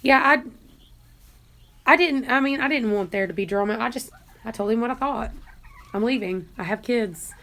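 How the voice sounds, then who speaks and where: A woman's voice: a little high, moderate pace, pauses often, a bit bright. A woman on a casual live stream from her barn, emotional and tearful, rambling as she talks to her viewers. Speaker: homestead vlogger.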